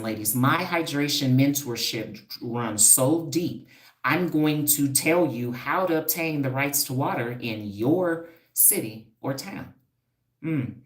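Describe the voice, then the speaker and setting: A woman's voice: very deep voice, measured pace, echoey room. A woman hosting a casual livestream, talking straight to her viewers in an emphatic, preachy way, repeating points for effect. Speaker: livestream host, hair stylist and wellness coach.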